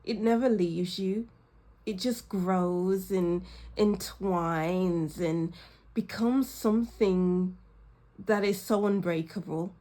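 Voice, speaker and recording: Giggly woman giving an excited tarot reading. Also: lowish voice, takes it slowly. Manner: giggly, exclamatory, frequent bursts of laughter. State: a little ill and tired. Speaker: tarot reader. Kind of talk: intuitive tarot reading to camera.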